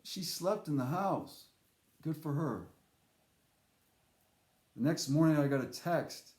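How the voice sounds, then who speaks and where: A man telling a casual spoken anecdote in a rambling, animated way, with fillers and restarts. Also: fairly high pitch, slow pace. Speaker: storyteller. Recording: echoey room.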